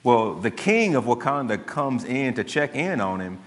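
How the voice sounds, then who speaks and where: A man's voice: mid-range voice, big pitch swings, moderate pace. A man preaching a sermon, telling stories in a loose, conversational way with frequent restarts. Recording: long hall reverb.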